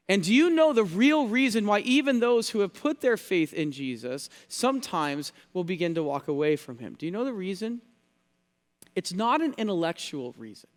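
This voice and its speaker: A man's voice: high voice, in a large hall. A male pastor preaching a sermon, teaching earnestly, stressing key words and repeating phrases for effect. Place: church sanctuary.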